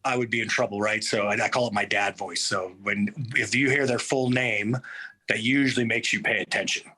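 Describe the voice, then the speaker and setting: Guest: man, coach, bright tone, relaxed and thoughtful, lots of pauses. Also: on the low side, husky. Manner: relaxed, thoughtful, with frequent fillers and restarts. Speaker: MMA coach, interview guest. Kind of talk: casual interview talk.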